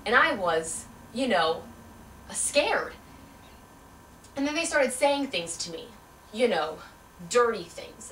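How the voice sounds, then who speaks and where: A shaken young woman tells her story in plain, earnest, halting words, acted by a young woman auditioning. Her voice sits a little high. It is heard from a distance in a roomy space with a faint hum. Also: a bit bright. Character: shaken young woman recounting a cruel memory. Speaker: auditioning actor. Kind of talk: audition monologue, dramatic. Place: audition room. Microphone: far camera. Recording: echoey room from a distance.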